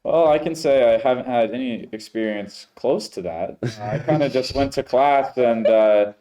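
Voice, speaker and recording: Dry-witted young man, mellow voice. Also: mid-range voice, moderate pace, low-quality recording. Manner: dry, wry interjections. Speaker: student podcast co-host. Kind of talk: casual chat.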